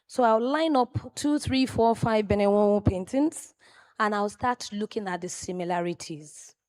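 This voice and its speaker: Animated Nigerian woman telling stories. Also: medium pitch, normal speed, no room sound, studio quality. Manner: animated storyteller, exclamations and asides to the audience. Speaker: tribute speaker at a memorial event. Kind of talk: personal tribute speech, storytelling.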